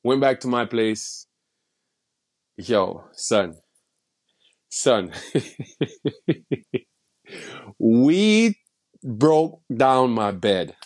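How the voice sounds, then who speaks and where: A man's voice: mid-range voice, big pitch swings, extremely slow, pauses often, a little mellow. Rambling man telling a story in street slang. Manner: rambling, with many restarts and repeated phrases; heavy street slang and swearing. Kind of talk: casual personal storytelling.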